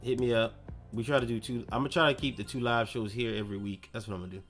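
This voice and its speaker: A man's voice: mid-range voice, fairly even intonation, rapid-fire, fairly bright tone. A young man chatting casually on his gaming live stream, loose and slangy, rambling between topics. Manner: loose, slangy, rambling, lots of self-talk. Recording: faint music behind.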